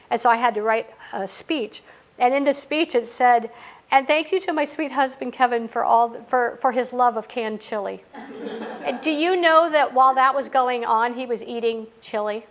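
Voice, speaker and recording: A middle-aged woman with a high, fairly bright voice runs a writing workshop in a library meeting room. She talks casually and chattily, telling stories that make her laugh.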